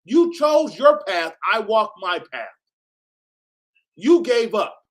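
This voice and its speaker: A high-voiced man talks over clips he is reacting to. He is loose and profane, and his voice swings into sudden shouts. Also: takes it slowly. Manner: animated, profane, bursts into shouting. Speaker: host reacting to videos. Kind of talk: casual reaction commentary.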